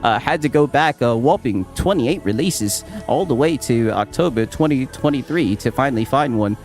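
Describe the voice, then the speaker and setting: A man streaming gaming reactions in casual, excitable commentary, swearing often and laughing a lot. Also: medium pitch, normal speed, faint music behind.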